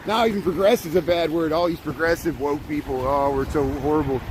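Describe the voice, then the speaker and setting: A man's voice: a little high, steady tone, fast talker, noisy background. Chatty man livestreaming on snowy streets. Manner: chatty, rambling, chuckles often, greets viewers. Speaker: live-streaming vlogger. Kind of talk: casual walking livestream chat. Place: outdoors on city streets in wet snow.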